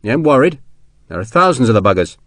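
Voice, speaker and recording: A man's voice: medium pitch, big pitch swings, fast, fairly bright tone, no echo, clean studio sound. A man doing a blunt, wry young soldier.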